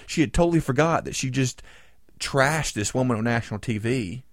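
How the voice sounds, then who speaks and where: A man co-hosting a podcast, telling a story in an animated, indignant way. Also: medium pitch, dry recording, clean studio sound. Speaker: podcast co-host. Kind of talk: casual chat.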